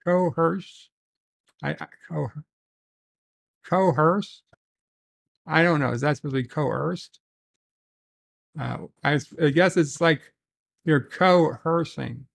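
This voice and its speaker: Slow, gravelly man reading viewer letters. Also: fairly high pitch, fairly bright tone. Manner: slow, halting, with frequent restarts and muttered asides. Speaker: host reading viewer messages. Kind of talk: casual solo livestream chat.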